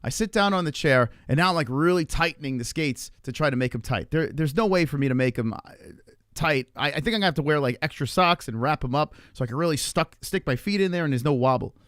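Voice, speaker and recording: A man in his forties telling a long story to his stream chat in a rambling, profane, animated way. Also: on the high side, fast talker, dry recording, studio quality. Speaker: live streamer.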